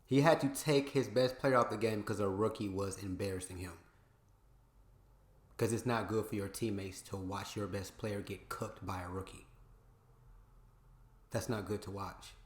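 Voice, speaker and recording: A man's voice: fairly low pitch, fairly even intonation, moderate pace, pauses often. A man hosting a reaction video in casual chat, slangy and repeating his points for emphasis. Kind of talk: casual commentary. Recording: roomy echo.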